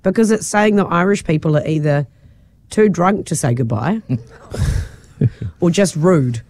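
A woman's voice: expressive, measured pace, a little mellow. Chatty New woman radio host. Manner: chatty, laughs often, rises high when amused. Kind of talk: breakfast radio banter.

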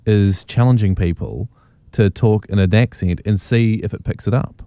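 A man's voice: fairly low pitch, dark tone, clear, resonant tone, no echo. A man hosting a radio show, bantering playfully and laughing at himself. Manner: playful, self-deprecating, quick to laugh. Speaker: radio host.

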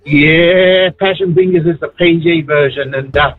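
A man's voice: on the high side, a little slow, no echo. An older Australian man calling into a radio show, cheeky and laid-back. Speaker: radio caller. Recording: tinny dry phone line.

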